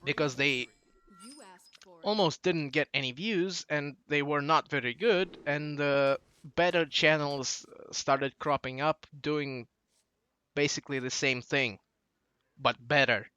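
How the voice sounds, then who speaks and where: A man's voice: a little high, takes it slowly, bright, forceful tone, clean tone, dry recording. A young man in his late teens with a Russian accent, rambling through a casual monologue that drifts off track. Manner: digressive, loses his train of thought. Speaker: channel host.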